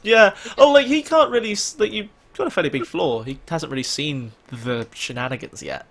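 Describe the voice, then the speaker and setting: A man's voice: a little high, expressive, normal speed, vocal fry, a bit bright. A man narrating as game master, rambling with many fillers.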